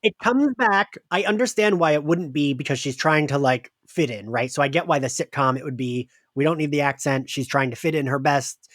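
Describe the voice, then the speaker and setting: A man's voice: fairly high pitch, fairly quick, dry recording, studio quality. A man in a casual pop-culture podcast chat who muses aloud and corrects himself as he goes. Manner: musing, self-correcting, animated. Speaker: podcast guest or host.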